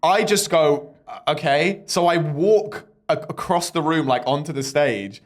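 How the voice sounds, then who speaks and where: A young man, a podcast host, tells a story with a lot of life, his pitch swinging high and low. He acts out the voices of the people in his story. He talks in a casual, chatty way. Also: unhurried. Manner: animated storyteller who mimics people in quotes. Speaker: stand-up comedian and podcast host.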